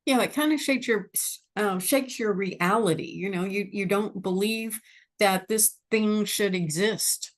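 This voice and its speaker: A woman's voice: mid-range voice, measured pace. A woman hosting an interview, asking thoughtful questions with a hesitant way of phrasing them. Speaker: interview host.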